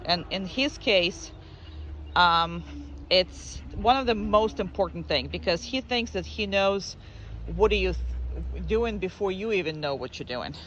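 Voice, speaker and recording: A dog trainer talking casually through a training drill, explaining each step, then switching to high, gushing praise for the dog. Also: animated, a little slow, fairly bright tone, muffled recording, a little hiss or hum. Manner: chatty, explains while working a dog; bursts into high-pitched baby-talk praise for the dog.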